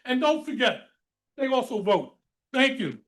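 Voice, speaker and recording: A man's voice: extremely high pitch, big pitch swings, unhurried, fairly bright tone, poor audio. A man speaking at a town council meeting's public comment, blunt and folksy, repeating his points for emphasis.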